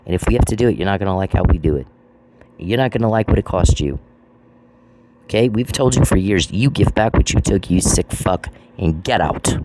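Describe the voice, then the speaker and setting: A man's voice: deep voice, lively intonation, brisk. A man in an angry monologue aimed at one person, swearing and repeating his accusations. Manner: profane, accusatory and repetitive. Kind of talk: angry monologue addressed to someone. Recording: noisy recording with clicks.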